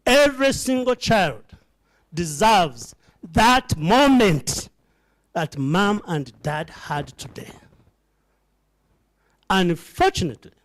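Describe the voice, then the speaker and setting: A man's voice: sits high, big pitch swings, slow pace, long pauses. A middle-aged man giving an emotional fundraising speech to a live audience in an event hall. He talks like a preacher, calls out to the crowd directly and builds to fervent peaks. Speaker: charity founder addressing donors.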